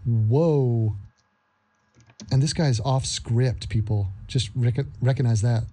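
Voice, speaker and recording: A man's voice: mid-range voice, slow pace, mellow. A man hosting a ranting reaction commentary, sarcastic and repeating his phrases again and again. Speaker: commentary host.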